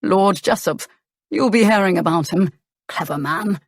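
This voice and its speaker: A woman narrator voicing a charming, rueful young nobleman in a calm, earnest manner. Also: fairly low pitch, a little slow, no echo, studio quality.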